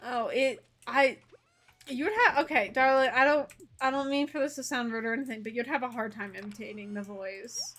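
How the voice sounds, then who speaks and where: A young woman streamer chatting casually with a guest, animated and playfully teasing, often laughing. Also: a little high, normal speed.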